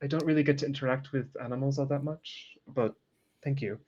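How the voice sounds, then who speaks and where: A man voicing an elegant, friendly woman vampire with a French accent and a soft, polished manner. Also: mid-range voice, fairly even intonation, brisk, highs cut off, lightly acted. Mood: gracious.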